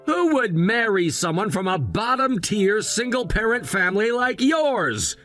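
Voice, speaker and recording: An actor playing an arrogant, snobbish young groom who talks down to everyone with sneering contempt. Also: male voice, high voice, sing-song, unhurried, fairly bright tone, faint music behind, full character voice. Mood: contemptuous. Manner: sneering, condescending.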